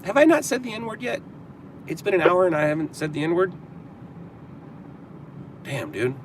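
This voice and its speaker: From his car, a man from Southern California runs a relaxed livestream, firing back at comments with sarcastic banter. His high voice is very animated and moves at a moderate pace, over a slight hiss or hum.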